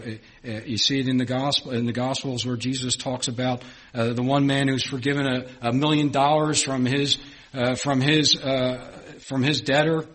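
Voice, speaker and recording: A middle-aged man delivers a sermon in a slightly husky voice. He preaches earnestly, repeating key phrases and pushing them louder, with frequent restarts. His pitch sits in an ordinary middle range for a man. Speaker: pastor.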